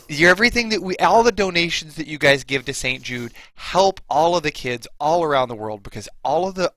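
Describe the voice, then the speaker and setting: Animated bright-voiced man joking. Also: on the high side, dry recording. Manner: playful, stammering, telling dad jokes. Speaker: co-host. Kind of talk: casual live-stream banter.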